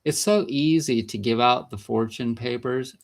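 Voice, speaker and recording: A man's voice: mid-range voice, normal speed. A man vlogging about natural health in a casual, rambling monologue, chatty and laughing between sentences.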